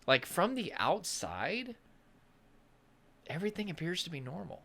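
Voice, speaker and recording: A nervous system coach from the American South talks casually to the camera in a high-pitched, fairly bright voice with vocal fry. He's very animated but a little slow, rambling, searching for words and poking fun at himself.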